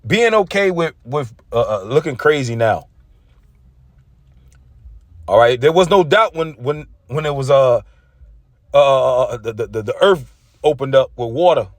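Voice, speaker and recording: A man's voice: mid-range voice, lively intonation, a little slow, pauses often, no echo. A man giving an intense, casual religious rant, often stumbling and repeating himself. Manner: intense, repetitive, stumbling over words.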